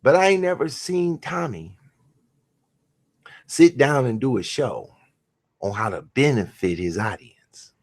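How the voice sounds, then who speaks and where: Expressive and mid-range, the host's voice moves at a measured pace with frequent pauses as he rants profanely on his show. He's crude and mocking throughout, veering between shouts and mutters.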